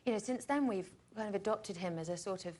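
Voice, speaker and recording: An actress, a guest on a late-night talk show, witty, giggly and playfully cheeky. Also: female voice, mid-range voice, fast, a little mellow, a little hiss or hum. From Britain. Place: TV studio with audience.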